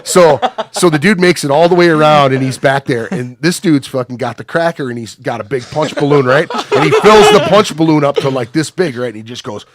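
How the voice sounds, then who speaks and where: A man's voice: on the high side, a little fast, hardly any pauses, a crowd in the background. A man with an Upper Midwest American accent telling crude stories on a podcast in a rambling, profane way, with plenty of fillers. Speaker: podcast guest. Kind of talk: casual storytelling.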